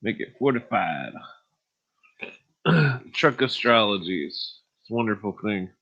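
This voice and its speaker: Slow laid-back man, dull lo-fi sound. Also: fairly low pitch, animated, a bit bright. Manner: laid-back, chuckling, trailing off with fillers. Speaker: podcast host. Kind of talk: casual rambling chat and book reading.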